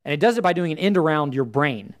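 A man's voice: a little high, animated, quick pace. A man giving an earnest, conversational church teaching talk to a live group, with frequent fillers.

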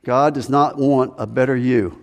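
A man preaching a sermon as pastor, earnest and full of rhetorical questions, his voice rising high when he plays a reluctant believer. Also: steady tone, normal speed, darkish tone. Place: church sanctuary. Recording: long hall reverb.

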